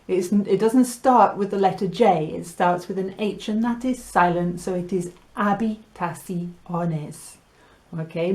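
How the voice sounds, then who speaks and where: Slow, patient woman teaching Spanish. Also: medium pitch, dark tone. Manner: patient, playful, repeats words slowly and sings them. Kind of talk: language lesson.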